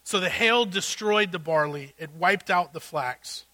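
A male pastor preaching with a high, brilliant voice that cuts through clearly. He takes his time, moving at an unhurried pace between loud bursts of feeling and quiet, pointed remarks. The sound is dry and close, with no room around it. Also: dry recording. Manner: animated preaching, loud bursts and hushed asides. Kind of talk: sermon.

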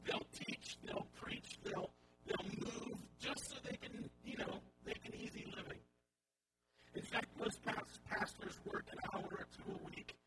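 A man's voice: very high-pitched, huge pitch swings, a little slow. A male pastor giving a sermon in a conversational style with wry asides, over a recording with hum and noise. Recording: audible hum and background noise.

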